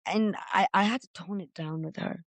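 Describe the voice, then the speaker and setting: Woman, podcast guest, middle-aged, gravelly, loud expressive storytelling, dry sound. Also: medium pitch, normal speed, no room sound. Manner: expressive, says she is loud and gregarious. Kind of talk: emotional personal storytelling.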